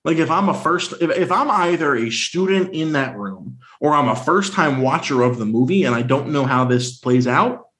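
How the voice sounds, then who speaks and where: A man co-hosting a casual film discussion, talking with animated energy and dropping into silly voices. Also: on the high side, moderate pace, hardly any pauses. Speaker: podcast co-host.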